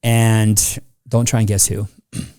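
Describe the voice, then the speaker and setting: A middle-aged man hosts a casual podcast chat. His voice is dark and mellow, and he tells his stories with energy, slipping into the voices of the people he quotes. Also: lowish voice, slow pace, clear, resonant tone. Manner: animated storyteller who acts out people he quotes. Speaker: podcast host.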